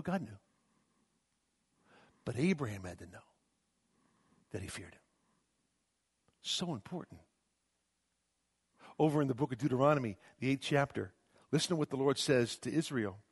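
A man's voice: fairly high pitch, lively intonation, normal speed, long pauses, breathy edge, no room sound. A middle-aged male pastor preaching a sermon, swinging from emphatic rises to near-whispers, often restarting his words. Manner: repeats words and restarts mid-phrase.

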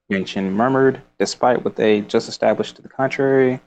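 A man with a mid-range, slightly mellow voice talks at a moderate pace. He chats casually about a book, reading passages aloud and rambling along with plenty of fillers and laughter.

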